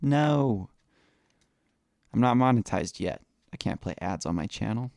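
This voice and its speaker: Male streamer, low voice, dry close sound, jokey running commentary. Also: animated, measured pace, vocal fry, a little mellow, dry recording. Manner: joking, chatty asides. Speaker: streamer watching a lesson. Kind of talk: casual chat.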